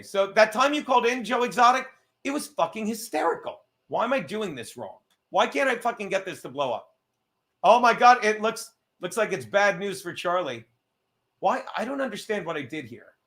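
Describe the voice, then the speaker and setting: A man's voice: high-pitched, sharp tone. A man hosting a casual livestream, rambling, swearing often and breaking off mid-sentence while fiddling with his screen. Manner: profane, rambling, self-interrupting; reads viewer messages aloud. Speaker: livestream host.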